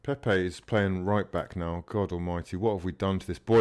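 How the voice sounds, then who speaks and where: A man giving live fan commentary while watching a match, swinging between mutters, swearing and shouts at the players. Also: sits low, steady tone, moderate pace, few pauses, smooth. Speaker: fan channel host.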